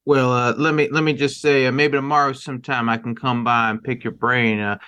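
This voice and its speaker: Stammering country rancher, a man doing the voice, mid pitch, halting drawl. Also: level tone, sharp tone, clear, resonant tone, close to an everyday voice. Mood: neighborly.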